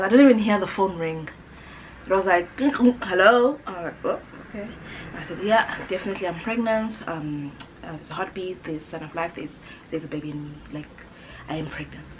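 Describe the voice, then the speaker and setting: A woman's voice: on the low side, slight background noise, rough recording. A woman in her late twenties from South Africa, heavily pregnant, chatting animatedly to her viewers and acting out quotes. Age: 20s. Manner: animated, chatty, laughs often, acts out quotes. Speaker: YouTuber. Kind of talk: casual storytelling to camera.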